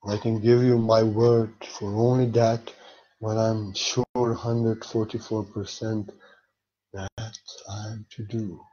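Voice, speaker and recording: Playful foreign-accented man, mellow tone. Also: on the low side, level tone, slow, lo-fi sound, slight background noise. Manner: playful, silly, theatrical; repeats words emphatically. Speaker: spiritual teacher. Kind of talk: motivational monologue.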